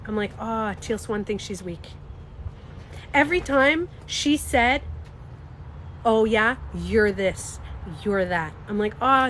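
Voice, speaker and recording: A woman beauty coach chatting candidly on a livestream, animated, swearing freely and laughing often. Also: mid-range voice, slight background noise. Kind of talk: casual livestream chat.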